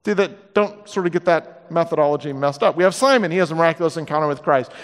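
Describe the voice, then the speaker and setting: A middle-aged man preaching a sermon in a church, telling stories in a comic, animated way and acting out the voices. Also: on the high side, fast, big-room sound. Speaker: guest preacher. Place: church sanctuary.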